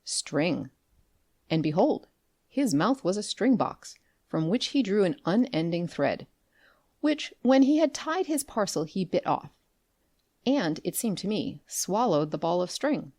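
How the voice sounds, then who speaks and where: A woman narrating a classic story as an audiobook, with expressive storytelling. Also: mid-range voice, a little slow, dry recording, studio quality. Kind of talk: scripted narration.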